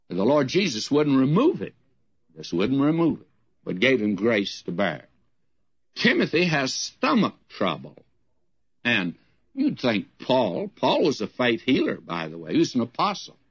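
A man's voice: medium pitch, slightly rough, dry recording, muffled recording. An older man from the United States giving folksy, emphatic Bible teaching, with rising questions.

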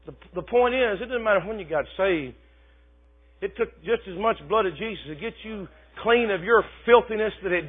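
Shouting preacher man, tinny sound. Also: high-pitched, slightly rough. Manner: shouts in rising bursts then drops to quiet talk. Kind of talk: sermon.

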